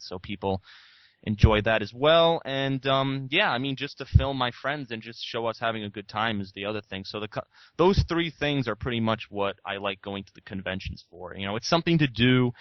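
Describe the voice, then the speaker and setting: A man's voice: fairly low pitch, no room sound, muffled recording. A young man talking as a podcast guest, rambling and frank, swearing casually. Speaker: guest YouTuber.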